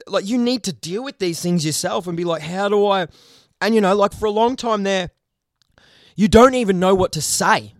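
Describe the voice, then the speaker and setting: A young man with a notably high voice talks in a loose, rambling way, swearing freely and getting animated as he goes. The sound is close and dry, with no room around it. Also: moderate pace, no echo. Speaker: podcast co-host, video creator. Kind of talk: casual chat.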